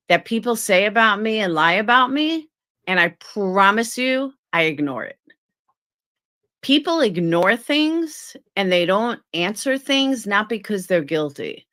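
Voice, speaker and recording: A woman's voice: mid-range voice, fairly bright tone. A woman on a live stream telling a story and ranting bluntly, with swearing. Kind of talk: casual live-stream rant.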